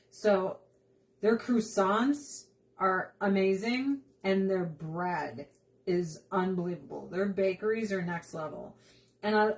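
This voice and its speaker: A young adult woman hosting a cooking vlog, chatting casually as she cooks, laughing often and slipping into playful voices. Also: medium pitch. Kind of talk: casual chat while cooking.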